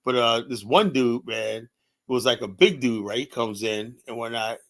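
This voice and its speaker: A man from Virginia in casual chat, telling rough stories from his club security days, with lots of profanity and "you know". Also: mid-range voice. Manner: fast, animated storytelling with heavy profanity and "you know". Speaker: podcast guest, former club security.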